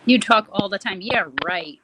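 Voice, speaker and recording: Brief: woman panel co-host, casual, halting, middle pitch. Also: background noise. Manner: chatty, halting with fillers. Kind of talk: casual live-stream chat.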